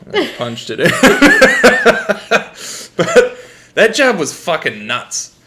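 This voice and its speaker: A man's voice: high voice, wildly swooping pitch, extremely slow, very noisy. A young American man co-hosting a podcast, telling profane work stories in casual chat and laughing often. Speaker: podcast co-host.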